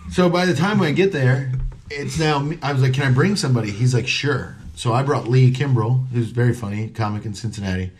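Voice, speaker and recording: A man's voice: medium pitch, a little fast. A comedian telling a story in casual chat. He acts out the voices of people he quotes and swears freely.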